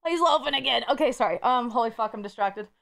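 High-voiced woman streamer, playful and swearing. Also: animated, fast, creaky, a bit bright. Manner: playful, swears freely, coos baby talk to viewers. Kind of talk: casual live-stream chat.

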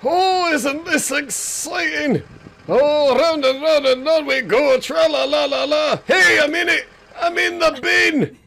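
Cheeky excitable bear, voiced by a man for comic animal voice-over: very high, bouncy and sing-song, drawled out slow. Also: creaky, exaggerated voice. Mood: excited. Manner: sing-song, giddy, bossy teasing. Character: cheeky excitable male bear, playful and rude.

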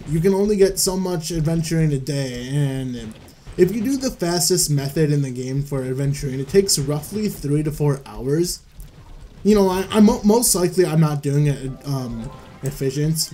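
A man's voice: a little high, mellow. A young man rambling through casual gameplay commentary at home, self-deprecating and trailing off, holding back coughs while his voice cracks. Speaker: gaming YouTuber. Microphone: desk mic.

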